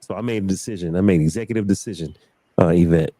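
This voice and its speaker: Low mellow guy telling a story on a talk show, animated, dry close sound. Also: fast, no echo. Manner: animated storyteller, acts out quotes. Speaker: podcast host. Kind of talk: casual chat, storytelling.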